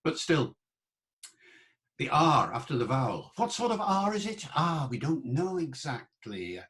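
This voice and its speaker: A man's voice: a little high, sing-song, unhurried, a bit bright. A man lecturing on the English language in an online talk, explaining in a conversational way and sounding out old pronunciations. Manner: explanatory and conversational, with asides to the listener; demonstrates old pronunciations aloud.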